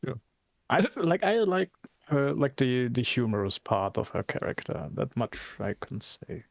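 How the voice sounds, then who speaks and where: Male guest, gravelly and understated, short remarks. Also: mid-range voice, big pitch swings, unhurried, no room sound. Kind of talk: casual podcast chat.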